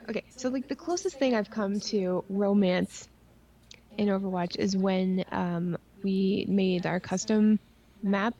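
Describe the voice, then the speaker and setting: A woman's voice: mid-range voice, warm tone, highs cut off. Rambling, playful young woman co-host. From Ontario, Canada. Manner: rambling, lots of likes and ums, playful. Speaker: podcast co-host. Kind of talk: casual chat.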